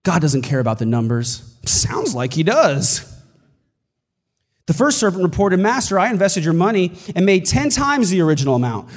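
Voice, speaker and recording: High-voiced pastor preaching in a hall. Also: male voice, very animated, a little fast. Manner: emphatic preaching, building to shouts. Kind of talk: sermon.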